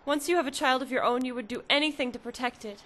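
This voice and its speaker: A woman's voice: high voice, quick pace, fairly bright tone. A woman voicing an earnest, pleading mother searching for her lost son in a dubbed drama. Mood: resolute.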